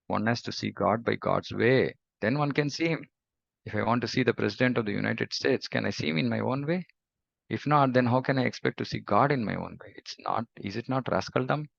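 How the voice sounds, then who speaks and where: A man's voice: mid-range voice, creaky, a bit bright, dry recording. A man giving a scripture lecture as a spiritual teacher, emphatic and repeating points for stress. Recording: dull lo-fi recording.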